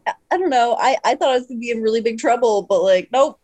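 A woman's voice: fairly high pitch, lively intonation, fast talker, a little mellow. A young woman on a podcast, chatting casually and acting out both sides of the dialogue as she tells a story. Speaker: podcast co-host. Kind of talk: casual chat.

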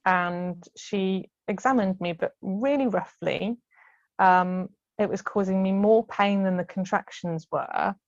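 A woman's voice: medium pitch, takes it slowly, no room sound, dull audio. A woman telling a personal story in casual conversation, chatty with frequent ums and laughs. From United Kingdom. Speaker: guest sharing birth story.

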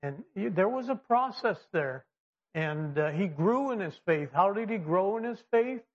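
A man's voice: sits high, moderate pace. A man preaching a sermon in a conversational way, full of fillers and restarts, acting out quoted voices. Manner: lively, acts out quoted voices. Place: church or classroom with slides. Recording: dull lo-fi sound.

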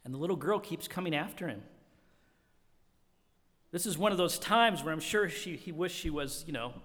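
A male pastor preaching a sermon, animated and emphatic, often restarting and repeating words. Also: a little high, moderate pace. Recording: long hall reverb.

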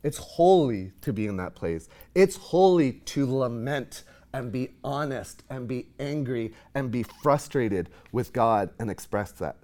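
A man, a pastor, preaching an emotional sermon to his congregation, reading scripture with loud emphasis. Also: mid-range voice, animated, normal speed.

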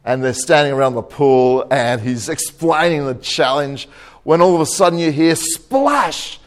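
A man's voice: a little high, a little slow. A man preaching a sermon, telling a joke and laughing at his own punchlines. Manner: jokey storyteller, chuckles at own jokes.

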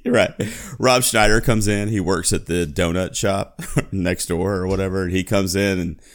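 Deep-voiced, laid-back male podcaster. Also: steady tone, normal speed. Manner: laid-back, laughs often, says "man" and "dude". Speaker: podcast co-host. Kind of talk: casual chat.

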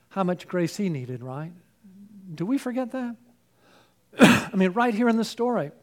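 Male pastor, high voice, hoarse and fading, earnest, rhetorical. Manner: earnest, rhetorical questions, swings from loud to hushed. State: losing his voice, throat clearing. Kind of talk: sermon.

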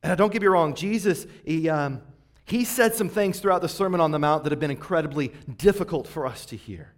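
A man in his forties preaching a sermon in a relaxed, conversational way, often tagging rhetorical questions onto his points. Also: a little high, a little fast. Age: 40s. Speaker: pastor.

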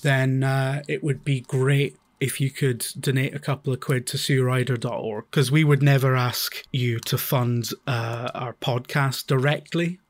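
A man's voice: mid-range voice, fairly even intonation, measured pace, few pauses. A man with an Edinburgh Scottish accent co-hosting a podcast, rambling casually with lots of fillers and swearing. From Scotland. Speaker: podcast co-host. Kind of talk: casual chat.

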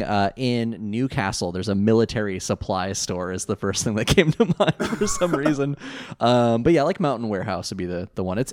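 A man in casual podcast chat who rambles, swears freely, and laughs often as he recaps a cartoon. His pitch swings widely and stays animated throughout. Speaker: podcast co-host.

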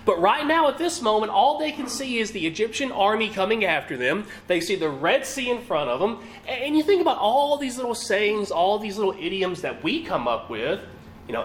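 Animated preacher man, lively pitch. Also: fairly quick, a little hiss or hum. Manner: animated, asks listeners rhetorical questions; reads scripture aloud. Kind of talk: sermon.

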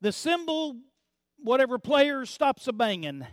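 A male pastor preaching a sermon, swinging from hushed low passages to loud emphatic build-ups, often repeating words as he builds. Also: animated, slow, pauses often, no echo, studio quality.

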